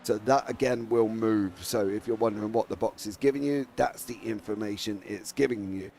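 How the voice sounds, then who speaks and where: An English man commentating sim races, excitable and teasing, shouting at drivers. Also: lowish voice, fairly quick, vocal fry, a little hiss or hum. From England. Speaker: race commentator.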